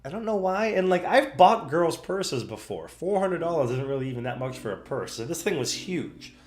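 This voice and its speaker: A young man streaming from home, casually telling a story and acting out the other people's voices with big pitch jumps. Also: moderate pace. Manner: animated, acts out quotes with pitch jumps. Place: home room. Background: soft background music.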